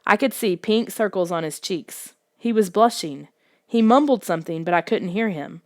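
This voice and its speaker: A woman narrating a children's story in the first person with expressive storytelling. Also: medium pitch, normal speed, no room sound, studio quality. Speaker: audiobook narrator.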